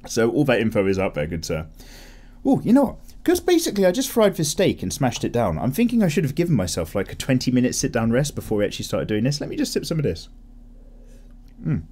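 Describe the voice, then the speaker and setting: A young man hosting a relaxed drawing vlog, chatting casually and rambling with frequent self-corrections. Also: medium pitch, quick pace, breathy edge. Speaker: art channel host. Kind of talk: casual chat while drawing.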